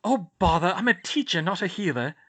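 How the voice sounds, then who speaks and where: A woman's voice: on the low side, lively intonation, pitched above the performer's own voice. A man voicing a fussy, flustered witch who teaches and is reluctantly tending a patient in a storybook reading. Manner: fussy, brisk.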